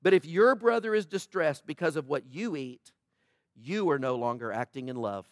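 A man preaching a sermon as pastor, talking in a casual way, swinging between loud exhortation and quiet emphasis, with jokes for the congregation. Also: on the high side, expressive, moderate pace, dry recording, studio quality. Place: church.

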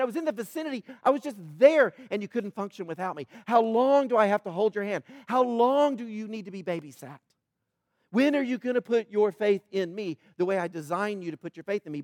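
A man's voice: sits high, no room sound, studio quality. A man preaching a sermon, asking the congregation questions and acting out the people in the story. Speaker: pastor.

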